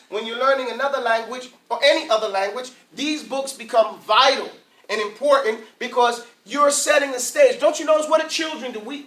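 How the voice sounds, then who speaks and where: The Arabic teacher, high and bright of voice, energetically asks his class questions and has them repeat sounds after him. The mic sits well away from him, so the spacious room rings with echo.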